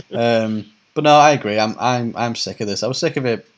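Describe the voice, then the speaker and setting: A man's voice: mid-range voice, fairly quick. A man co-hosting a casual podcast, chatty and laughing as he recounts events. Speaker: podcast co-host.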